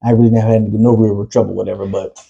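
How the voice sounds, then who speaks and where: A man talking quickly in a loose, conversational podcast chat, his voice dark and a little husky. He speaks as a father and keeps tossing in "you know what I'm saying" between thoughts. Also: on the low side, little pitch movement, dull audio. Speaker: podcast co-host; father of a preteen son. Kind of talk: casual chat.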